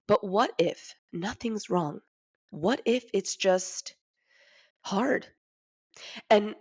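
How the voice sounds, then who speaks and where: A woman's voice: on the low side, a little mellow. A woman in her thirties hosting a casual podcast, chatty and candid, often laughing as she talks. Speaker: podcast host. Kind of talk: casual chat.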